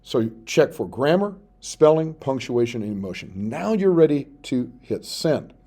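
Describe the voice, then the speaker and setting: Male teacher, mellow voice, patient step-by-step classroom explainer. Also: medium pitch, sing-song. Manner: explains step by step, reads out sample text slowly while typing. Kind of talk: screen-recorded tutorial.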